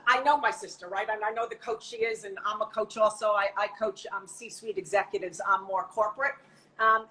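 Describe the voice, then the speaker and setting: A woman's voice: on the high side, a bit bright, poor audio. A woman life coach talking animatedly in a casual live-stream conversation.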